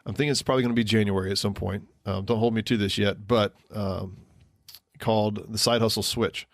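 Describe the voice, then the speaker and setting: Quick talking podcast guy, lowish voice, lots of ums, dry close sound. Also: fairly even intonation, no echo. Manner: rambling, with many ums and restarts. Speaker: podcast co-host. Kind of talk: casual podcast chat.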